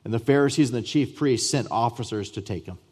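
A man pastor preaching a sermon to his church, emphatic, with repeated starts and swings between loud and soft. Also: mid-range voice, quick pace. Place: church sanctuary.

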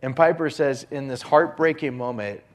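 A man preaching a sermon as a pastor, earnest, often dropping his voice to a hushed whisper on key phrases. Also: mid-range voice, moderate pace.

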